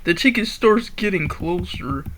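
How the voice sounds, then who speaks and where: A woman's voice: fairly low pitch, a little slow, a little hiss or hum. Giggly woman reading a fan story. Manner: giggly, animated, breaks off to comment and laugh. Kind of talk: casual read-aloud of a fan story.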